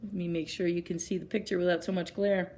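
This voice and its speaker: A woman librarian reading picture books aloud at story time, gently pausing to ask children questions. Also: lowish voice, little pitch movement, slight background noise.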